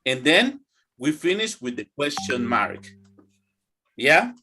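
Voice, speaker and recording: A man's voice: on the high side, very animated, takes it slowly, pushed and bright, a little hiss or hum. A young man teaching an English grammar class, drilling students to repeat after him. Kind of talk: online classroom lesson.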